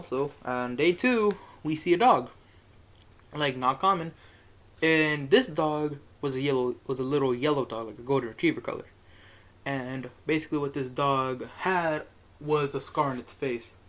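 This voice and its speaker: A man's voice: medium pitch, fairly bright tone. A young man telling a rambling, profane story in a casual monologue, chuckling as he goes.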